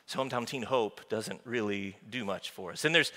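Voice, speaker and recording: A male pastor preaching an informal, animated sermon in a church, with joking asides to the congregation. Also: mid-range voice, moderate pace. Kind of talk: conversational sermon. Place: church sanctuary. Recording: long hall reverb from a church room.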